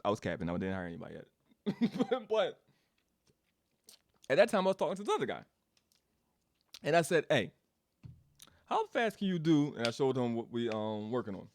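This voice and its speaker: Man, casual storytelling rant, lively swooping pitch, laughs and swears a lot, dry close sound. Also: moderate pace, long pauses, no room sound. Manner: animated, laughs often, swears, repeats himself. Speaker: game studio developer giving an update.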